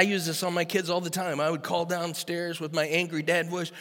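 A man in his sixties preaching a sermon as pastor, moving from easy storytelling to loud, emphatic preaching. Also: fairly high pitch, flat delivery, fairly quick. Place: church sanctuary. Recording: echoey hall with long reverb.

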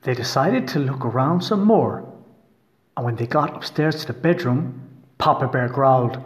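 A man reading a fairy tale aloud in an expressive, storytelling manner. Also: mid-range voice, moderate pace.

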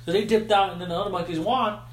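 A man's voice: sits high, steady tone, racing, echoey room. A man hosting a podcast, casually recapping a film in slangy, swearing chat. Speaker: podcast host.

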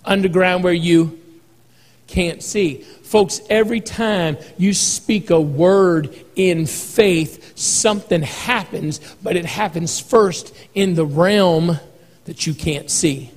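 A man's voice: high voice, takes it slowly, in a large hall, rough recording. A male pastor preaching a sermon in a folksy, humorous way, acting out quotes as he goes.

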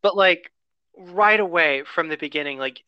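Bright, enthusiastic man with a raised pitch. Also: normal speed, smooth, no room sound, highs cut off. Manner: enthusiastic, casual, swears. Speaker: podcast co-host. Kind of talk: casual chat about a film.

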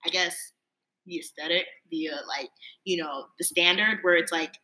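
A woman's voice: fairly low pitch, normal speed, background noise. A young woman in casual podcast chat, rambling and laughing often, with lots of "like". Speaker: podcast co-host.

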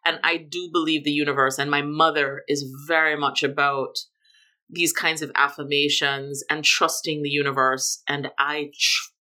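A middle-aged woman from Jamaica, a guest telling her story in a relaxed interview, with emphatic lifts on key words. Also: low voice. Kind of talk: casual conversational interview.

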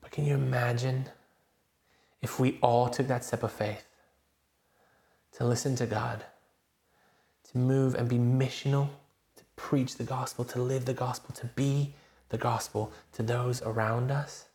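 A man, a pastor preaching a sermon and telling a personal story in an animated, self-deprecating way. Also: medium pitch, unhurried, long pauses, roomy sound.

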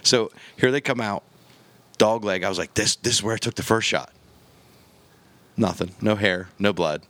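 Brief: man, low voice, podcast guest, lively storyteller who does the sound effects himself, dry close mic. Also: moderate pace, no room sound. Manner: animated storyteller, acts out gunshots and quotes. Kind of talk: casual storytelling chat.

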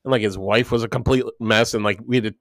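Male podcast co-host, lowish voice, rambling and profane, dry booth sound. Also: steady tone, quick pace, no echo. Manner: rambling, profane, full of "like" and quoted dialogue. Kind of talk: casual storytelling chat.

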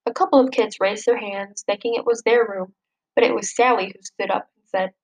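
A woman reading a children's picture book aloud in a lively, expressive way. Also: medium pitch, fairly quick, dull audio. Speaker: storybook reader. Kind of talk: children's story read-aloud.

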